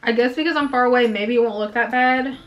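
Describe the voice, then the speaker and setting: Filming herself indoors at home, a young woman reviews makeup, talking fast in a slightly high voice as she chats, vents her frustration, and sounds a little breathless. The beauty vlogger's audio is dull.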